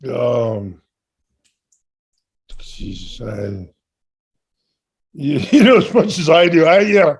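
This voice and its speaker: An older man in casual podcast chat, answering questions in a halting, rambling way with many fillers and restarts. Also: on the high side, very animated, slightly rough.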